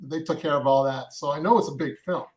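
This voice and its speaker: A man who works as an actor, telling a long story in a rambling, halting way. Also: a little high, darkish tone. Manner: rambling, halting, with many fillers and restarts. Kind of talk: casual storytelling.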